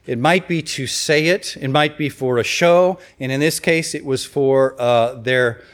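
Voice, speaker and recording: A man's voice: medium pitch, measured pace. Conversational male preacher. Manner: conversational preaching, reads scripture and acts out quotes. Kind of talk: sermon.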